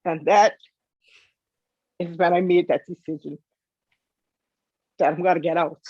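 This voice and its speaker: A woman's voice: on the low side, steady tone, measured pace, slightly rough, no echo, dull audio. A woman guest telling her own story with emotion, tearful and pleading, repeating herself for emphasis. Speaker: interview guest.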